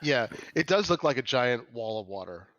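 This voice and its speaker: A man's voice: medium pitch, sing-song, moderate pace, fairly bright tone, dry recording, lo-fi sound. A man running a tabletop game as game master, describing scenes with many restarts and fillers. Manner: rambling, self-correcting descriptions.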